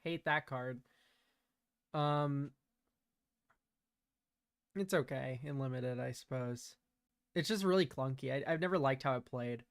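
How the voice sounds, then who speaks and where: A young man giving relaxed, chatty commentary while playing a card game, laughing often and using casual slang. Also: mid-range voice, measured pace, long pauses, clear, resonant tone, dry recording, clean studio sound. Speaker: streamer.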